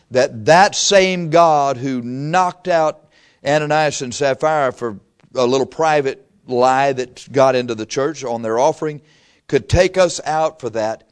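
A man preaching a sermon, acting out little scenes and swinging from loud outbursts to hushed asides. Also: mid-range voice, clear, resonant tone.

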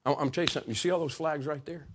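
A man's voice: on the high side, fairly even intonation, rapid-fire, a little hiss or hum. Impassioned preacher man. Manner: impassioned preaching, swings from shouting to hushed. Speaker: pastor. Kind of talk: sermon.

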